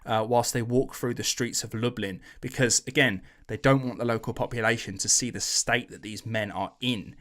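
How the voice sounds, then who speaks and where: A man hosting a podcast, telling a history story in a casual, animated way, swearing and acting out quotes in slangy voices. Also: medium pitch, moderate pace, few pauses.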